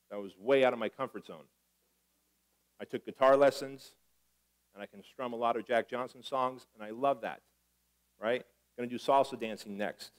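Male motivational speaker, middle-aged, animated storyteller who swears and acts out dialogue on stage. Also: mid-range voice, poor audio. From Armenia. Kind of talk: live motivational talk.

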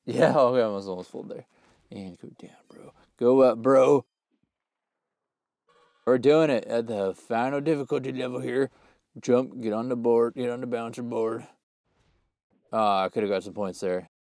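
A young man giving casual gameplay commentary, full of slang, who often bursts into loud screams and laughter. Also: mid-range voice, moderate pace, pauses often, no room sound, studio quality. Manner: hyped, yells and screams when excited, slangy. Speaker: gaming YouTuber.

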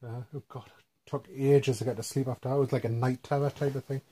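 A man talks to his camera from his bed at home. He tells stories in a loose, rambling way, and his voice sits at an ordinary middle pitch. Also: brisk, husky. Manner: relaxed, rambling storytelling. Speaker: vlog host. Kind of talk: casual family Q&A chat. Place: home bedroom.

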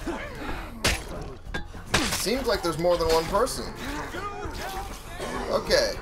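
A man's voice: high voice, very animated, very slow, loud music behind the voice. A young man casually commenting on a video game he is playing, talking to his viewers and swearing freely. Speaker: gaming YouTuber.

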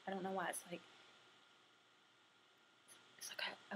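A young woman chatting casually to camera, answering questions for a tag video, sometimes dropping to a soft murmur. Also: mid-range voice, fairly even intonation, measured pace, whispered, poor audio. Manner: chatty, drifting between soft murmurs and bright bursts.

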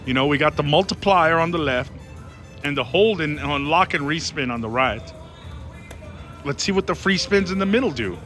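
A man giving excited running commentary on a slot machine as he plays, talking to his viewers and pleading with the machine, on a casino floor. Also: a little high, moderate pace. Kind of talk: casual live commentary while gambling. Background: casino music.

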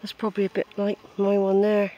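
A high-voiced man rambles cheerfully to his viewers as he walks a hillside path. He calls them folks and drifts from one thought to the next. Faint outdoor noise sits behind the camera mic. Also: completely flat delivery, a little fast, warm tone, dull audio. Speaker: hiker filming his walk. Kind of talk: casual walking vlog.

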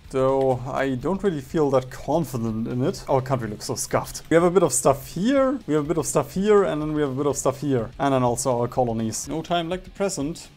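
A man's voice: a little high, darkish tone. A man giving casual gameplay commentary while streaming a strategy game, joking and mocking himself as he reacts to events on screen.

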